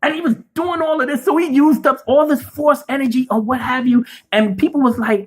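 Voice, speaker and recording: A man doing a profane, animated film review rant, cursing freely and acting out the scenes he describes. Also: very high voice, brisk, slightly rough. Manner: animated, swears a lot, acts out scenes. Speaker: movie reviewer.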